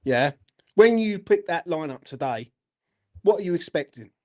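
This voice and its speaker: A man's voice: a little high, expressive, normal speed. A man, hosting a fan channel, ranting furiously after a match, swearing and repeating "do you know what I mean". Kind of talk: angry post-match rant.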